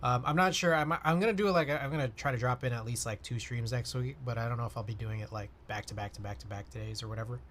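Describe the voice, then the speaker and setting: This livestreamer has a medium-pitched, fairly bright voice and talks quickly with hardly any pauses. He rambles, leans on fillers, and reads chat aloud while replying, with slight noise in the background.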